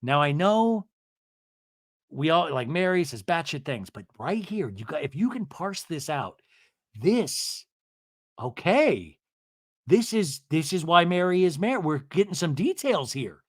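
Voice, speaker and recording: A man hosting a podcast, recapping a reality TV episode and acting out the cast's lines in higher voices. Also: sing-song, measured pace, dry recording, studio quality. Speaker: podcast host.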